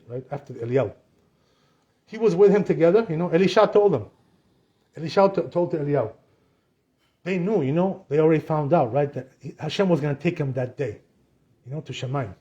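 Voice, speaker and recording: Rabbi, man, high-pitched; lively storyteller who acts out the dialogue. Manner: animated retelling, acts out dialogue, frequent "you know". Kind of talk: storytelling Torah class.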